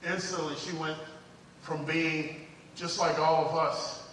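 A man preaching a sermon, dropping to hushed storytelling and rising to fervent exhortation. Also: on the high side, level tone, takes it slowly, a little hiss or hum. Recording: echoey hall, distant mic.

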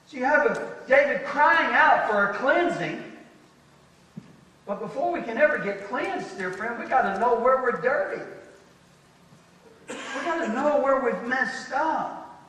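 A man preaching a folksy, emphatic sermon as pastor, slowing down to stress key phrases. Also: very high voice, animated, fairly bright tone. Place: church sanctuary. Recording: echoey hall from far off.

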